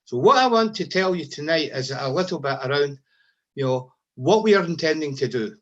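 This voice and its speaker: A man's voice: a little high, expressive, normal speed, muffled recording. A man giving an impassioned rally speech as a union speaker, repeating his phrases and firing off rhetorical questions.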